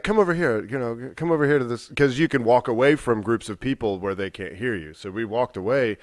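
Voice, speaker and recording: A man's voice: medium pitch, no echo, clean studio sound. A young adult man casually telling a long, profane story on a podcast, acting out quoted dialogue. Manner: rambling, profane, animated retelling with quoted dialogue. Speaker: podcast co-host.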